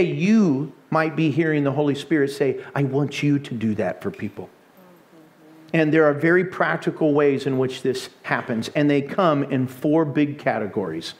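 A man preaching a sermon with animated storytelling and frequent laughter. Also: fairly high pitch.

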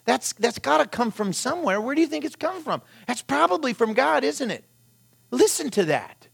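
A man's voice: very high voice, big pitch swings, moderate pace, vocal fry, fairly bright tone, breathy edge. A middle-aged man, a pastor, giving a conversational sermon full of rhetorical questions and short anecdotes.

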